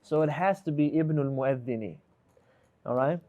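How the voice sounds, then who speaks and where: A man teaches a live online class, asking question after question and gently correcting answers. His voice sits a little high for a man, and the sound is muffled and lo-fi, like call audio. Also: moderate pace. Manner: patient, questioning, switches between English and Arabic terms. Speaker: Arabic teacher.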